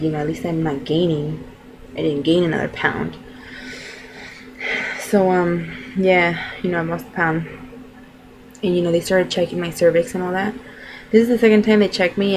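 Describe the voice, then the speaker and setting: A young woman talks casually to her camera, rambling along with plenty of fillers. Her voice sits a little on the low side. A faint hiss of noise runs behind her. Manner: chatty, rambling, full of fillers. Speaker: vlogger. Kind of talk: casual chat.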